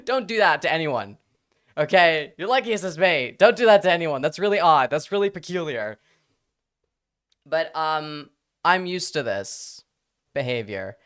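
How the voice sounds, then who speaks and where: A livestreamer chatting loosely with viewers, playful and swearing freely. The voice is bright and forward with a very lively, bouncing pitch, and it slides between accents mid-stream. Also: normal speed. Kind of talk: casual live-stream chat.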